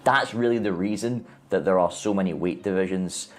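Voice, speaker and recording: A man calmly explaining why fighters are matched by weight, in a measured way. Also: low voice. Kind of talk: explaining combat sports.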